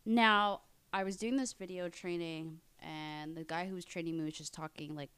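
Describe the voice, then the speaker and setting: A woman talking casually with a friend, recounting stories and playing out quoted lines. Her voice sits low and sounds smooth and clean. The recording is close and dry. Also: normal speed, no room sound. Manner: storytelling, animated when quoting. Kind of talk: casual chat.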